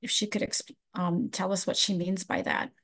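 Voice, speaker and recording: A woman's voice: fairly low pitch, level tone, normal speed, a bit bright, husky. A middle-aged woman presenting a live webinar, answering audience questions from the chat in a conversational way.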